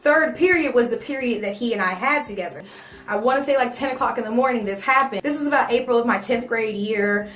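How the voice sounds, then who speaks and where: A young woman telling a personal story for her vlog, animated and swearing freely. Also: fairly high pitch, fast talker. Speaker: vlogger. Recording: roomy echo, faint music.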